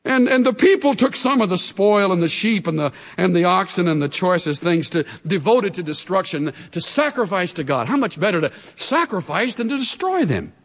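A man preaching a sermon in an emphatic, exhorting way that swings between loud urging and hushed gravity. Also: sits high, very animated, moderate pace, hardly any pauses. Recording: long hall reverb.

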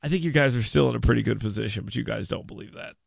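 A radio talk show host chats casually on a studio mic during a call-in show, rambling, repeating words and laughing a lot. His medium-pitched voice is very fast, with vocal fry and a breathy edge, and there's no echo.

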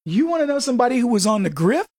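A man's voice: very high voice, very animated, very fast, a little mellow, no room sound, studio quality. A man hosting a radio show, delivering a combative, sarcastic political monologue full of rhetorical questions.

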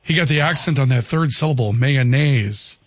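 Radio host guy, ribbing his co-host, slightly high voice, dry studio. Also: quick pace, dry recording. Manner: teasing, reads texts aloud. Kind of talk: sports radio chat.

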